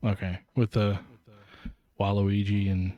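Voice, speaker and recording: A man's voice: lowish voice, flat delivery, a little slow, no room sound, lo-fi sound. A man co-hosting a podcast in laid-back, joking casual chat. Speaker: podcast co-host.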